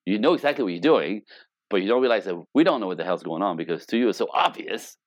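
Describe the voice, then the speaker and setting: A middle-aged man talks relationships as a coach, his low voice swinging widely in pitch as he acts out little scenes. He swears freely and plays up the quotes with playful exaggeration. The sound is dry and close, with no room around it. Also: animated, fast talker, dry recording. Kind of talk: animated casual talk.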